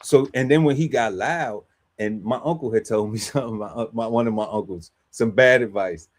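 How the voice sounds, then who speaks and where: A man's voice: medium pitch, moderate pace. A man on a podcast panel telling a story in casual, slangy chat, laughing often and acting out quotes.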